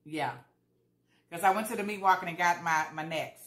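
A woman's voice: lowish voice, normal speed, fairly bright tone, roomy sound. Chatty woman eating and talking. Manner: chatty, eats while talking, repeats herself for emphasis. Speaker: vlogger. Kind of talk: casual mukbang chat.

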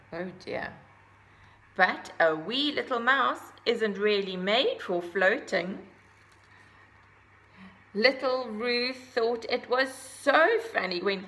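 A woman reading a children's picture book aloud, gently adding her own asides about the pictures. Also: mid-range voice, poor audio. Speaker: storybook reader.

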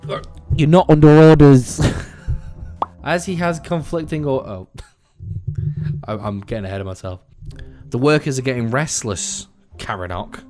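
A young man giving casual, excitable gameplay commentary, swearing freely and swinging between mumbled asides and loud outbursts. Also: medium pitch, unhurried, long pauses. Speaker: gaming video host. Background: faint background music.

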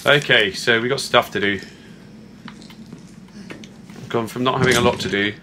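Chatting playfully with his viewers as he goes, a man narrates his run through a horror game in a casual let's-play. He has a mid-range voice and a steady tone at a moderate pace, with background noise present.

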